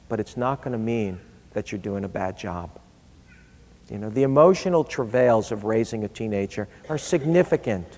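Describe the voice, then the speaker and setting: A man's voice: on the high side, darkish tone. A middle-aged man giving a speech, telling a humorous family story in a conversational way and voicing the people he quotes. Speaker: public speaker. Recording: long reverb of a large hall.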